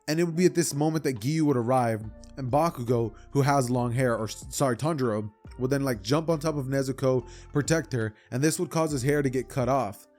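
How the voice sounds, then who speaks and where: A young man casually retelling a fan-fiction story for his channel, rambling and animated with side comments. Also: mid-range voice, brisk, hardly any pauses, faint music behind. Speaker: YouTuber.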